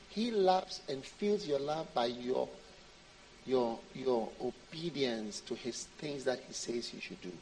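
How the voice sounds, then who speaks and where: A man's voice: sits high, low-quality recording. A man preaching a sermon in an emphatic, repetitive way.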